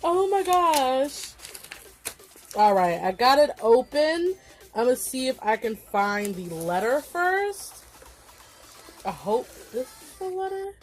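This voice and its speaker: A young woman with a slight Southern country accent, unboxing a gift package in a casual vlog and gushing over each item with excited exclamations. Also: on the high side, a little slow.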